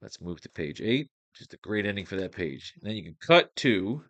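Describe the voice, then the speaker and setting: A man's voice: lowish voice, very animated, normal speed, hardly any pauses, a bit bright, no room sound. A man teaching comics writing, thinking aloud as he drafts pages at home and swearing at his computer.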